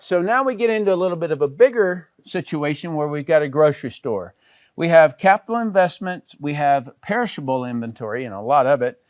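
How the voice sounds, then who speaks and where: Man, middle-aged, business educator, conversational explainer, smooth clear voice, dry close sound. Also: fairly high pitch, no echo. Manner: conversational, with frequent "okay" and "all right" check-ins. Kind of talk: explanatory talk over slides.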